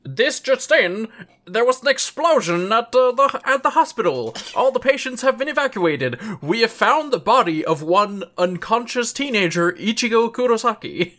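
A podcaster putting on a high, slow, overly serious TV news anchor voice as a comedic bit. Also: lively intonation, fairly bright tone, close to an everyday voice. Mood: mock-grave. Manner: slow, deliberate newsreader delivery, pitched well up.

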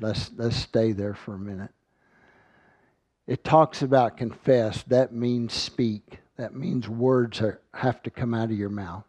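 A man's voice: medium pitch, fairly even intonation, takes it slowly, darkish tone, dry recording. A man giving an earnest sermon, reading scripture aloud and often repeating words as he finds his thought. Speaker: Bible teacher.

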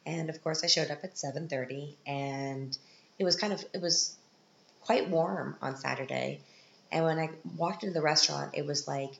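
A woman podcast host telling chatty stories from her week in a casual monologue, animated, with sudden high-pitched quoted reactions. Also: normal speed, gravelly, slight background noise. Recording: roomy, muffled home recording.

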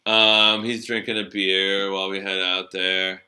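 Bright-voiced man telling a cab story. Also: low voice, a little slow. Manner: loose, profane, animated storytelling. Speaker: storyteller, former cab driver. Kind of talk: casual storytelling chat.

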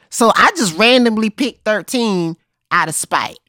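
A woman playing an improvised comedy scene, telling a story in a playful, deadpan way. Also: fairly low pitch, normal speed, no echo, studio quality. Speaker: improv player.

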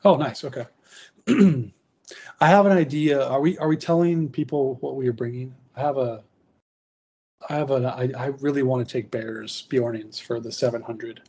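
A man hosting a relaxed podcast chat about tabletop wargaming, rambling with restarts and fillers. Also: mid-range voice, moderate pace, vocal fry, slightly rough. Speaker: podcast host.

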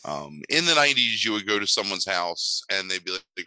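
A man co-hosting a casual movie podcast, his voice low and strikingly forceful. He delivers wry, sardonic put-downs with plenty of ums. The sound is close and dry, with no room echo. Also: sing-song, fairly quick. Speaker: podcast co-host.

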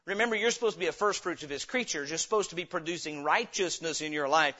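A man preaching a sermon as pastor, reading scripture slowly and breaking into sudden loud, emphatic bursts. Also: a little high, highs cut off.

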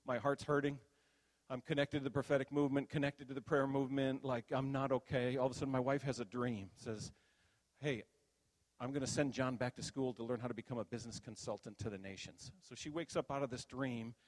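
A middle-aged man giving an animated testimony sermon as a pastor, acting out the voices in his story. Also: mid-range voice, fairly quick. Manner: animated storytelling, acts out quotes. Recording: long hall reverb.

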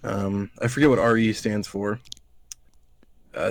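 A man co-hosting a casual podcast who reads listener feedback aloud in a halting, mock-formal way, swearing and laughing between lines. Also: on the low side, fairly even intonation, no echo. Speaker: podcast co-host.

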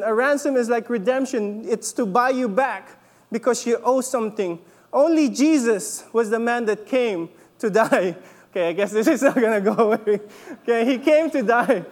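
A man leading a church service, preaching in a relaxed, joking way and often checking in with the congregation. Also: extremely high pitch, moderate pace, big-room sound. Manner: chatty, laughs often, checks in with "okay?". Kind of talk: casual sermon with jokes. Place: church hall.

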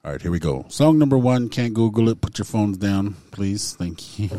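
A man's voice: on the low side, expressive, normal speed, few pauses, dark tone, no echo. A man hosting a casual song-guessing game with friends, reading lyrics aloud in a playful, theatrical way. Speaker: game host.

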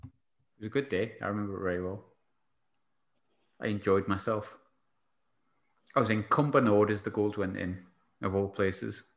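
A man's voice: fairly low pitch, fairly even intonation, moderate pace, long pauses, echoey room. A man hosting a casual football chat, chatty and jokey, asking lots of questions.

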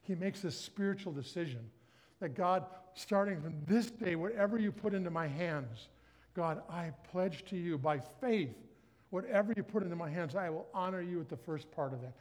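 Middle-aged male guest preacher, high-pitched, lively storyteller who voices the dialogue. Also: moderate pace. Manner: animated storytelling, acts out his own inner dialogue. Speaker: guest speaker. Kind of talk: sermon.

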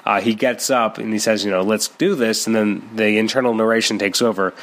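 A man's voice: lowish voice, fairly even intonation, fairly quick, a bit bright. A man talking casually and at length about a comic book he loves, rambling with many fillers and restarts. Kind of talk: casual solo commentary.

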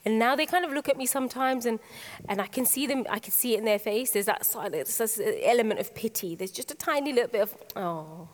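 A woman from Britain, a guest author on stage, talking in a quick, animated way with frequent restarts as she tells personal stories. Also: on the high side. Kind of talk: candid conversational storytelling. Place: large conference hall on stage. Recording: long hall reverb.

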